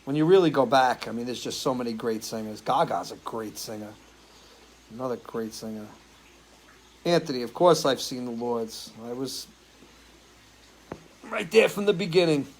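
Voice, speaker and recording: A man's voice: mid-range voice, lively intonation, moderate pace, long pauses, rough recording. A man in casual chat reads out viewers' comments and answers them one by one. He talks loosely and easily, like a regular host, with an odd swear word thrown in. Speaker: singer hosting a live stream.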